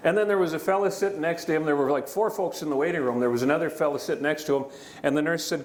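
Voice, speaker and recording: A middle-aged man with a fairly high voice talks fast while giving a county address to a live audience in a large hall. His public speech is folksy, joking, and conversational, and the echoey hall carries faint room noise.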